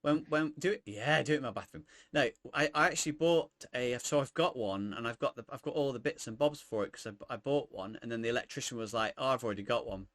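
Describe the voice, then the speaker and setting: A man's voice: medium pitch, fairly bright tone, dry recording, clean studio sound. A man co-hosting a podcast, chatting casually with many restarts and asides. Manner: halting, lots of restarts and asides. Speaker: podcast co-host. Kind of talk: casual chat.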